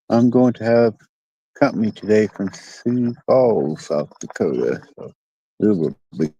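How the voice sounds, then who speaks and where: A man's voice: lowish voice, dark tone, no echo, poor audio. A man with a Midwestern American accent chatting casually to his live-stream viewers while fishing outdoors by a dock, rambling and folksy, reading out comments. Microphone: phone.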